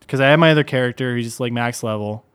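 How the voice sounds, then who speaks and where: A young man in casual podcast chat, mid-pitched and relaxed. He rambles freely, peppering his talk with fillers and "dude". The tone stays easygoing and conversational throughout. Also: fast, smooth. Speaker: podcast co-host.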